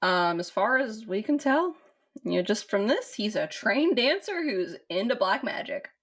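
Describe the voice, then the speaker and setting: A woman's voice: mid-range voice, big pitch swings, moderate pace, a bit bright. A woman from the States, co-hosting a podcast in casual chat, rambling with fillers. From southern United States. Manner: rambling, with many fillers and restarts. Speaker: podcast co-host. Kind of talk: casual chat about a film.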